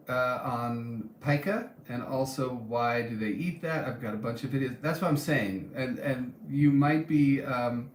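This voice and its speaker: A man's voice: medium pitch, reverberant, a little hiss or hum. A man hosting a casual live stream and reading viewer comments aloud, talking in a rambling way with many ums and restarts.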